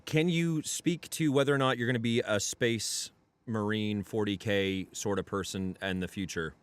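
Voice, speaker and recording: Relaxed joking male streamer host. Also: lowish voice, moderate pace, smooth. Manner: relaxed, joking, swearing freely. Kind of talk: casual livestream chat. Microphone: studio condenser.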